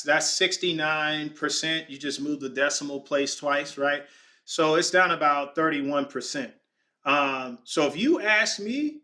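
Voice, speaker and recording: A man talks loosely to his viewers while looking over market numbers. His voice sits a little high and sounds bright and forceful. He thinks out loud, trips over words and cracks small jokes. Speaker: podcast host. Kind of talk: casual screen-share commentary on stocks. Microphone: desk microphone.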